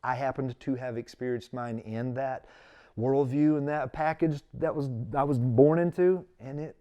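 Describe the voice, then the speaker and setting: Man, interview host, animated storyteller, acts out voices. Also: mid-range voice, moderate pace, highs cut off. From East Tennessee. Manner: lively storyteller who acts out quoted voices. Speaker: podcast host, former bishop. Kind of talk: casual in-person interview.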